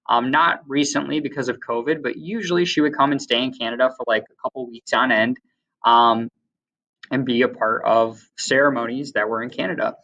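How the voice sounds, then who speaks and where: A man's voice: medium pitch, bright, forceful tone. A man giving a casual classroom lecture as a teacher, chatty and full of fillers, with side stories. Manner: chatty, many fillers, tells anecdotes. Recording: distant, dull lo-fi recording.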